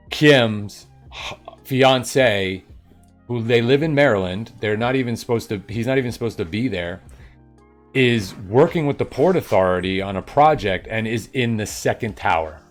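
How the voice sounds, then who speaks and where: A middle-aged man from New York telling a story on a live stream, animated and acting out the people in it. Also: on the low side. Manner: animated, acts out voices of people in his story, swears. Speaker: livestream host. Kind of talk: casual storytelling on a coding stream.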